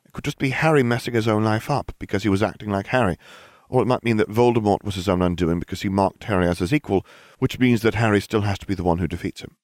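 A man voicing a bossy, studious teenage girl who is a witch, in a higher, precise, exasperated tone. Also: quick pace, a little mellow, no room sound, clean studio sound, natural voice. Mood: earnest, bossy.

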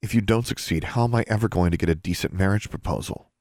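A man's voice: sits low, quick pace, darkish tone, no room sound, studio quality. A man voicing an earnest, stubborn teenage girl who pleads and teases in a storybook reading.

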